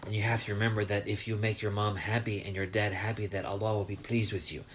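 Gentle man teaching young children. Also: fairly low pitch, level tone, quick pace, slight background noise. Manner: asks questions, checks in with "huh?". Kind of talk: storytelling lesson for children.

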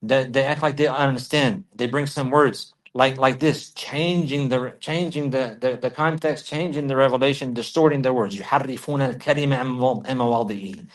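A man giving a religious lesson, repeating key phrases for emphasis and reciting Arabic verses quickly. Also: medium pitch, steady tone, rough recording. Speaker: Islamic teacher.

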